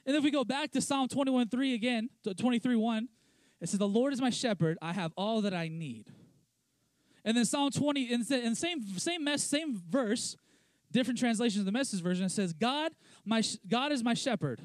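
A young man, a pastor, preaching a conversational sermon with many restarts, dropping into a lower, quieter voice for quoted lines. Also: animated, quick pace, no room sound. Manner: conversational, lots of restarts and "let's be honest" asides.

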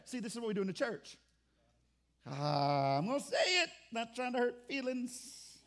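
High-voiced preaching man, drawl. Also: very animated, normal speed, a bit bright. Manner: conversational preaching with repeated restarts; acts out churchgoers' complaints in mock voices. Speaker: pastor. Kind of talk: sermon.

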